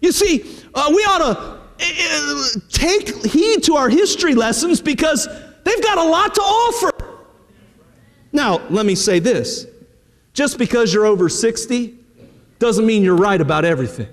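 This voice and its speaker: A very animated middle-aged pastor preaches a sermon from the pulpit, his voice high for a man. He addresses the congregation plainly and directly, repeatedly tossing in a quick "hey," as the long reverb of a church sanctuary rings around him.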